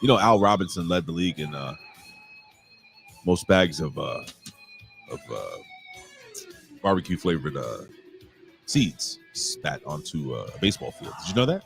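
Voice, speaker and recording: A man's voice: low-pitched, sing-song, moderate pace, creaky, pauses often, faint music behind. A man co-hosting a live wrestling podcast, rambling, joking and swearing freely in casual chat.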